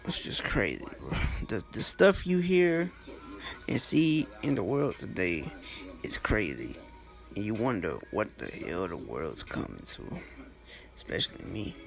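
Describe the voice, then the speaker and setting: Blunt man with a gravelly voice. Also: very animated, measured pace, soft background music. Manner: blunt, swears freely, wide swings in pitch. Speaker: storytelling vlogger. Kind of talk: casual storytelling monologue.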